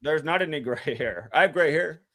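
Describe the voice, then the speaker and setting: A man in his fifties with a notably high-pitched voice argues back. His insults are mocking and combative. He speaks as a panelist on an online show. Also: expressive, normal speed, bright, forceful tone. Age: 50s. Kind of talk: heated online argument.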